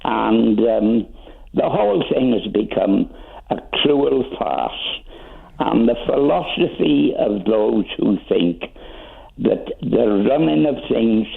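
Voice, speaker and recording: Gravelly man on a phone line. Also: medium pitch, lively intonation. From Wales. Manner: slow, opinionated, with many ums. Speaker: caller. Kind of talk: phone-in chat. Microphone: telephone.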